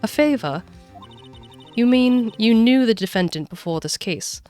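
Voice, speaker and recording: A woman's voice: fairly high pitch, lively intonation, moderate pace, darkish tone, faint music behind, voice pushed up, close to an everyday voice. A woman voicing a nervous young male rookie lawyer from a game, talking hesitantly in close to her own voice. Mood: earnest. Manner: hesitant, stumbling.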